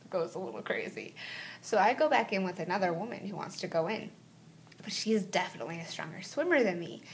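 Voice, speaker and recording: A woman vlogger telling a story casually to camera, chatty and animated, often saying "like" and "right?". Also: medium pitch, slight background noise. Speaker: travel vlogger.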